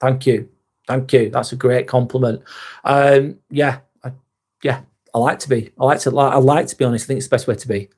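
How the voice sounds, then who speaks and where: A man's voice: medium pitch, fairly even intonation, a little fast, darkish tone, husky. Blunt Lancashire man chatting live. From northwest England. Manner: blunt and candid, swears freely, reads out viewer chat. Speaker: live stream host. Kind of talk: casual live-stream chat.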